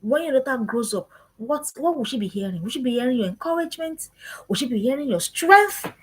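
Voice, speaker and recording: A woman's voice: high-pitched, lively intonation, brisk, breathy edge, rough recording. A woman giving an earnest parenting talk, repeating her questions in a preaching cadence. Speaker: parenting speaker. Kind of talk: live-streamed parenting talk.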